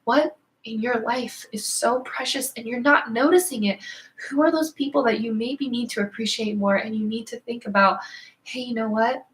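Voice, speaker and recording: A woman in her thirties hosts a live stream, talking casually and earnestly in a bright, forceful voice. She pitches a little high and mixes slang into her heartfelt advice. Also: normal speed, low-quality recording. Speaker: host of a live video show. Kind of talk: live-stream motivational talk.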